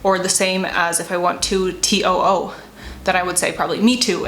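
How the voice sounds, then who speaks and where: A woman's voice: mid-range voice, fairly bright tone, reverberant, a little hiss or hum, rough recording. Rambling, chatty woman vlogger. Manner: rambling, self-deprecating, laughs often. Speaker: writer and vlogger. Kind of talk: casual chat to camera.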